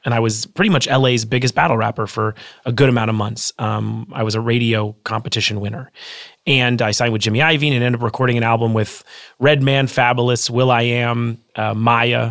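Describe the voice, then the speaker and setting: A man in his thirties, an author guest telling his story in a casual interview, earnest and quick with frequent restarts. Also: mid-range voice, steady tone, vocal fry, fairly bright tone, no room sound, studio quality.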